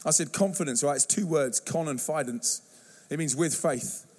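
Animated preacher, high voice. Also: male voice, normal speed. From England. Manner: animated storytelling, acts out youth slang and voices. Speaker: youth preacher. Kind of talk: sermon. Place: church hall.

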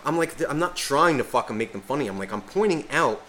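Guy ranting on his podcast, swears every other word, rambles on, average pitch. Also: lively intonation, brisk, sharp tone. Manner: rambling, swears constantly, rants. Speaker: podcast co-host. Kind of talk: casual podcast chat.

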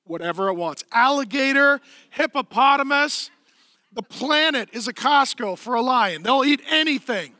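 A middle-aged man preaching a lively, playful sermon in a church, swinging from hushed tones to shouting. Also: very high-pitched, moderate pace, no echo, clean studio sound. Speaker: pastor. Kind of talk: energetic comedic sermon.

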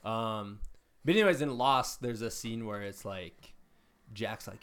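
A man's voice: mid-range voice, a little slow, fairly bright tone, clean tone. A man hosting a podcast, telling rambling, self-mocking stories in a casual chat.

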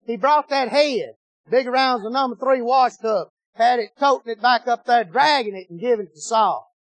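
A preacher delivering a sermon in a high, excitable voice, folksy and animated as he tells his story. The sound is dry and close-miked, with no room echo. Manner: folksy, animated storytelling, swings from shouting to low tones.

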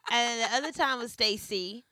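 A woman's voice: fairly high pitch, moderate pace, bright, forceful tone, slight background noise. A young woman co-hosting a casual chat, bantering playfully, laughing often and swearing freely.

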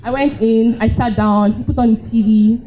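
Young Nigerian woman storyteller, highish voice, animated and laughing, dull lo-fi recording. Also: moderate pace, a crowd in the background. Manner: lively, laughing, acts out her own reactions. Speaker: storyteller at a live event. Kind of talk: personal storytelling.

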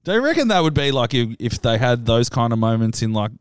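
Young Aussie podcast host, smooth dry voice, laid-back and sweary. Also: male voice, medium pitch, big pitch swings, fast, no echo. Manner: laid-back, swears freely, laughs while telling stories. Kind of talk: casual chat.

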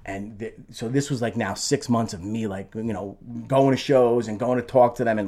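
A middle-aged man speaks at a medium pitch, telling a long story as a guest. He restarts his sentences often and breaks into raised, animated voices when he quotes people. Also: normal speed, hardly any pauses. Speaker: guest, former band singer. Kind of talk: conversational storytelling.

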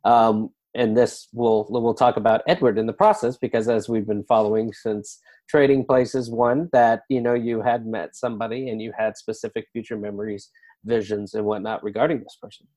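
Male host, low voice, relaxed and hesitant, casual interviewer. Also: moderate pace.

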